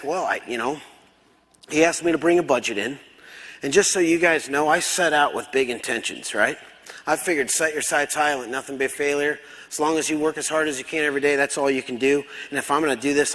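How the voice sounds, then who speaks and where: A man's voice: medium pitch, quick pace. A man telling a story as a conference speaker, acting out dialogue in different voices. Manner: animated, acts out dialogue. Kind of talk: storytelling keynote talk. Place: large conference hall. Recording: long hall reverb.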